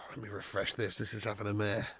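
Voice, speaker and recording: A man hosting a live football watch-along, sweary and bantering, swinging into excitable commentary. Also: lowish voice, slightly rough, no echo. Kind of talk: live match commentary and chat.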